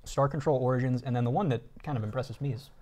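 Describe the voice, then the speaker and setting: A man co-hosting a tech live stream, presenting deals in a relaxed way with dry remarks. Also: mid-range voice, fast. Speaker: stream co-host. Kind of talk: casual tech news chat.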